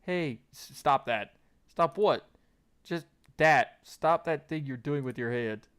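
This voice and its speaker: A man's voice: a little high, slow, a bit bright, clear, resonant tone. Man voicing a blunt young alligator girl. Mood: flustered. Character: gruff young female alligator art student.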